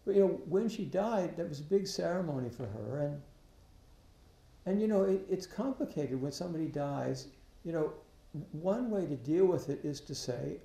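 A man giving a Buddhist dharma talk, halting, often restarting his sentences, and asking rhetorical questions. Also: fairly high pitch, expressive, vocal fry, mellow. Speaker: Buddhist teacher. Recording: echoey room.

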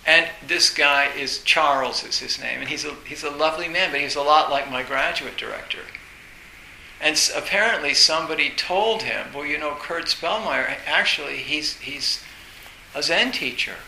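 A man giving a Zen dharma talk, telling personal stories in a halting way, restarting words and laughing now and then. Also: a little high, creaky, sharp tone. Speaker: Zen teacher. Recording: echoey room with faint hiss.

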